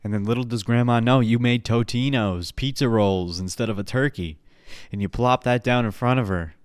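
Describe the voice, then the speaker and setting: A man's voice: medium pitch, moderate pace, clear, resonant tone, dry recording, studio quality. A man hosting a podcast, ranting playfully and crudely in a casual comedic style. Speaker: podcast host.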